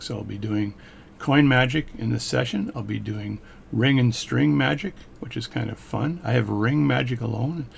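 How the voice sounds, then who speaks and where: A man's voice: medium pitch, gravelly, a little hiss or hum. A man, an amateur magician, casually teaching a coin trick step by step as he demonstrates. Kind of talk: casual hands-on tutorial.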